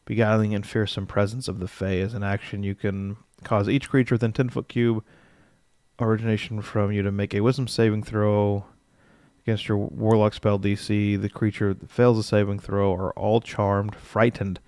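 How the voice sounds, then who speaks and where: A man's voice: lowish voice, level tone, moderate pace, a little mellow, no echo, studio quality. A man chatting casually on a livestream as he builds a game character, thinking aloud, reading rules text and answering his chat.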